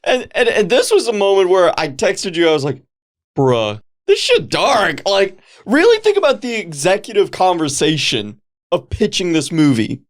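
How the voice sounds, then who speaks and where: A podcast co-host in casual, profane, animated banter, often laughing. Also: medium pitch, moderate pace. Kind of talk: casual chat.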